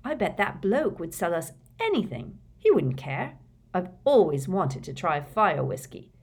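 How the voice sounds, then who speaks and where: A woman's voice: on the low side, very animated, measured pace, breathy edge, heavily acted. Keen schoolboy, conspiratorial voiced by a woman reader. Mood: eager. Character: eager teenage boy.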